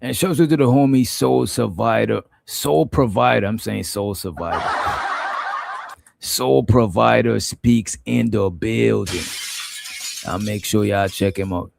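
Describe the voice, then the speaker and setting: Gravelly man joking in slang. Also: on the low side, slow, noisy background. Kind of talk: casual commentary.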